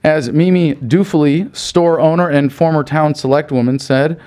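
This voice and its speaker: A man delivering an angry, profane political rant, shouting and swearing with heavy emphasis. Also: on the high side, fairly even intonation, measured pace, hardly any pauses. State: pissed off. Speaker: political commentator.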